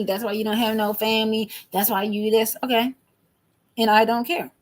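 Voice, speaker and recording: A woman in her thirties venting to camera in an emphatic, repetitive, agitated monologue. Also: medium pitch. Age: 30s. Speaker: vlogger.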